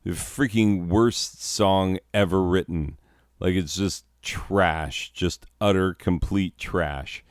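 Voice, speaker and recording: A man's voice: low voice, fairly even intonation, slow, smooth, no echo, clean studio sound. A man hosting a gaming video, rambling sarcastically and laughing as he plays. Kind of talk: casual commentary while playing.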